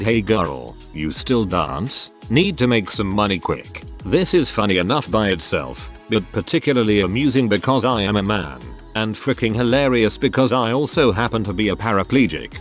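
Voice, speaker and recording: A man narrating online stories in a scripted, steady reading style, with occasional odd mispronunciations. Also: lowish voice. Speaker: narrator reading Reddit posts.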